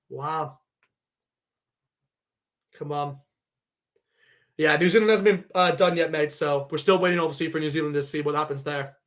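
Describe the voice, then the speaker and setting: A man giving a live reaction to a sports draw, excitable and thinking aloud as he keeps addressing his viewers. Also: on the high side. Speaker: sports vlogger.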